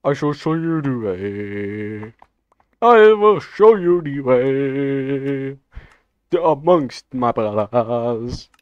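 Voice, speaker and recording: A man voicing a meme echidna clan leader who chants slowly and solemnly about the way, on a dull, dry mic. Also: medium pitch, lively intonation, clear, resonant tone, dry recording. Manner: slow, solemn, chanting repetition.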